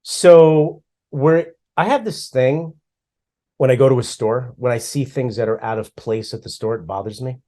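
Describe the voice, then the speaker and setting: A middle-aged man co-hosting a podcast, chatting casually and telling stories with lively acted-out asides. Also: medium pitch, moderate pace. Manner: animated storyteller, acts out his own past lines. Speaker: podcast co-host. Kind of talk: casual chat.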